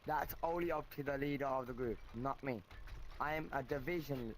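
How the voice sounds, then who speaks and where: A man's voice: mid-range voice, moderate pace, a little hiss or hum, rough recording. A young man in game voice chat, insisting stubbornly on rank and rules. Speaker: game player.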